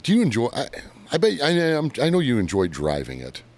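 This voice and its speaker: A man's voice: medium pitch, brisk. A man from Michigan with a Michigan accent, co-hosting a casual garage-talk podcast and telling stories animatedly. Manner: animated storyteller, restarts sentences. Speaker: podcast co-host. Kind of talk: casual chat.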